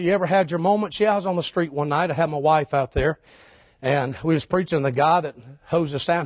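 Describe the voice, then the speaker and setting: Middle-aged male street preacher, storytelling sermon, big swings from loud preaching to quiet asides, slightly high voice, dry close sound. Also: slightly rough, dry recording. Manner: swings from shouted preaching to low hushed storytelling.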